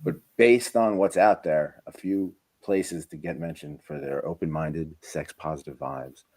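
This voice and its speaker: Very deep-voiced man hosting a chat. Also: a little slow, husky, poor audio. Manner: animated, jumps between loud bursts and mumbles. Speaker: podcast host. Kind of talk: casual chat.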